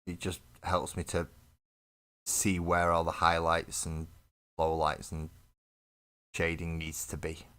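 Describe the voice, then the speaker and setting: A man's voice: deep voice, completely flat delivery, slow pace, long pauses, fairly bright tone. A man chatting casually on a live painting stream, rambling and joking with viewers at his desk. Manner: rambling, joking, self-deprecating banter with chat. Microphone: desk mic on live webcam stream.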